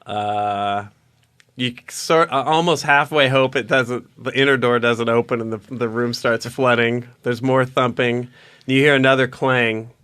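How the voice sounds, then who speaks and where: Man, dungeon master, rambling narration, mid-pitched voice. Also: fairly even intonation, measured pace, fairly bright tone, clear, resonant tone. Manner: rambling, many fillers and restarts. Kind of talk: narrating a tabletop game.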